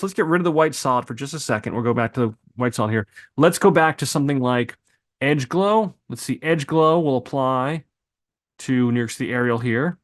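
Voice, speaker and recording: A man of ordinary middle pitch leads a screen-recorded editing tutorial. He thinks aloud as he clicks through presets, tossing in loose asides and quick exclamations. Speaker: video editing instructor.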